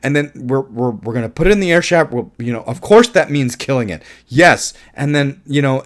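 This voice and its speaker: A man's voice: mid-range voice, lively intonation, moderate pace, hardly any pauses. A man giving a casual, enthusiastic film review, rambling with restarts, swearing and laughing at his own jokes. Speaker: movie reviewer.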